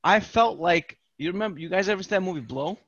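Animated profane New storyteller man. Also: high voice, quick pace, no room sound, muffled recording. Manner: animated, profane, acts out quoted voices. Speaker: podcast guest telling a story. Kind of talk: casual storytelling chat.

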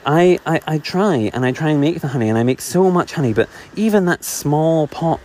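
A man's voice: animated, moderate pace, a little mellow, close to an everyday voice. A man voicing a small, timid female worker bee who stammers anxiously. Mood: pleading. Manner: anxious, stammering, high-pitched.

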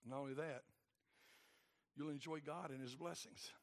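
A man preaching a sermon in a colloquial, emphatic way, moving between quiet asides and loud exhortation. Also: fairly high pitch, steady tone, normal speed.

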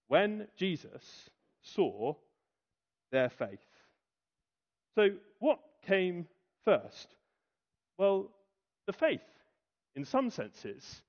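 A man preaching a sermon, asking rhetorical questions and pausing for effect. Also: fairly high pitch. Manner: rhetorical questions, dramatic pauses and acted quotes. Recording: dull lo-fi recording.

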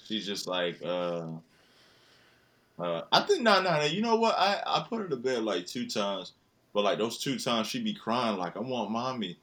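A man's voice: on the low side, big pitch swings, normal speed, a bit bright. A young man, a father, chatting casually about his daughter in a slangy, profane, laid-back way. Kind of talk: casual chat.

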